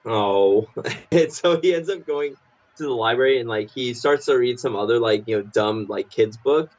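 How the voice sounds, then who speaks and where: A man chatting loosely on a live podcast stream, circling through "like" and "uh" as he retells scenes. He jumps into squeaky, exaggerated voices when quoting characters. The sound is dull and lo-fi. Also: moderate pace, darkish tone. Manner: rambling, filler-heavy, pops into high goofy voices for quotes. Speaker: podcast co-host. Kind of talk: casual chat retelling cartoon scenes.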